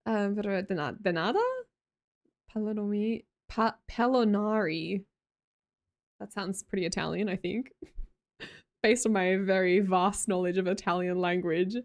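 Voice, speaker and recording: A woman's voice: medium pitch, fairly even intonation, measured pace, long pauses. A young Australian woman live streamer chatting casually with her viewers, reading their messages aloud, laughing often and swearing freely.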